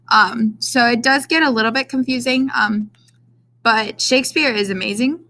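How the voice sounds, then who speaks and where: A woman's voice: mid-range voice, sharp tone. A young adult woman teaching a recorded lesson. She speaks casually and fills her sentences with "um". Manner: casual, many "um" fillers.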